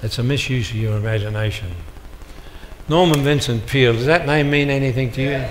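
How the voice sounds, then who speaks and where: A man's voice: mid-range voice, brisk, a little hiss or hum. An older man giving a motivational talk to a live audience, telling stories and acting out the dialogue with punchy comic timing. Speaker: motivational speaker. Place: large hall before an audience. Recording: live hall recording with long reverb.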